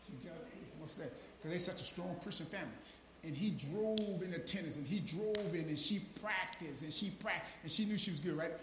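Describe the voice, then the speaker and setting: A man preaching an informal sermon with fervor, calling listeners by name, repeating "now watch this" and building to shouted peaks. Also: a little high, a little fast, crowd noise. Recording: roomy echo.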